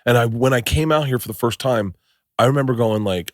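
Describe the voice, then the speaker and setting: A middle-aged man hosting a podcast, chatting casually and telling stories with excitement, acting out what people said. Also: mid-range voice, brisk, no echo, studio quality. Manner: excitable storyteller acting out quotes. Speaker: podcast host. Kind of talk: casual chat.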